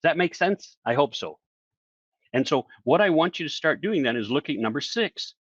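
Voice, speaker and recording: A man coaching virtual presenters in a lively online talk, who asks the audience questions and acts out other people's lines. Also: medium pitch, a little fast, slightly rough, no echo, muffled recording. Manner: animated, acts out quoted voices, asks listeners questions.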